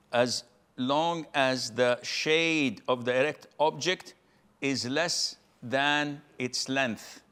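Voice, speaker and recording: Slow, deliberate sheikh explaining patiently. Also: male voice, a little high, a bit bright. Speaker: sheikh answering questions. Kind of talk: Islamic Q&A answer.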